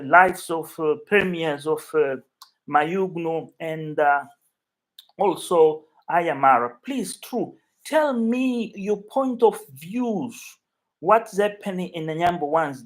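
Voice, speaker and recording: A man from Africa hosting a casual live chat from his flat, rambling and emotional as he talks to viewers by name. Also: high voice. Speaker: YouTube livestream host.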